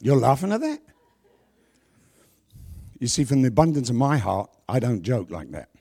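A middle-aged man preaching a sermon to a congregation on a handheld microphone, with a worn voice, asking rhetorical questions and pausing for effect. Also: medium pitch, big pitch swings, slightly rough. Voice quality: voice worn from past yelling. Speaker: pastor.

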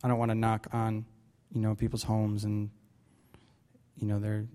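A man's voice: lowish voice, monotone, moderate pace, warm tone, clear, resonant tone. A man leading a Bible study, preaching casually with many fillers and restarts. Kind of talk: casual sermon.

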